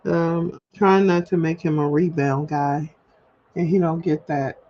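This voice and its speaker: A woman's voice: low voice, steady tone, a little slow. A woman hosting a solo livestream, talking candidly and chattily to her viewers and laughing at herself, recorded at home. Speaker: livestream host. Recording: dull lo-fi livestream audio.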